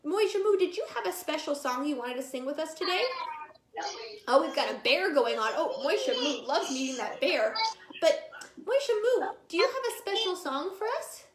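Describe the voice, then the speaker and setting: A woman leading a playful children's service, talking to small kids in an animated way. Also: sits high, moderate pace, a little hiss or hum. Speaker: children's song leader. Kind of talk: lively children's service with guitar. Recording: roomy, with loud guitar.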